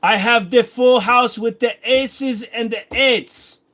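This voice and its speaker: A man voicing a boastful middle-aged Russian mob boss in a put-on Russian accent, slow and theatrical. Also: very high voice, steady tone, pushed and bright, voice pushed up, heavily acted. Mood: gloating. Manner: slow, drawn-out, theatrical menace.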